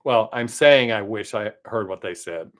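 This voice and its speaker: A man with a Southern accent, hosting a live stream from home and chatting in a rambling, casual way. He says he tries to talk fast. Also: lowish voice, expressive, fairly bright tone.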